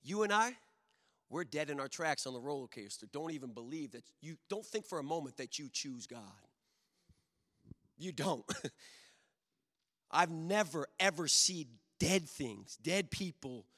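A man preaching a sermon to his congregation, swinging from booming emphasis to hushed intimacy. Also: lively intonation, unhurried, long pauses. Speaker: pastor. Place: church sanctuary. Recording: long hall reverb.

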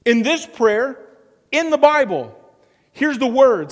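A man's voice: extremely high pitch, very animated, slow pace, long pauses. A man preaching a sermon as pastor, earnest, with a repetitive preaching cadence. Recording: long hall reverb.

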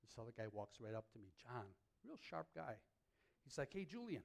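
A man preaching a sermon to a congregation in a church hall, lively and joking, his pitch leaping up on punchlines. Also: fairly quick, gravelly. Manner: animated, jokes with the congregation, pitch leaps up on punchlines.

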